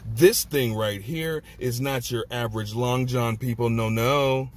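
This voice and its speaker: A young man hosting a casual snack review vlog, ranting in an excitable, animated way. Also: medium pitch, slow pace.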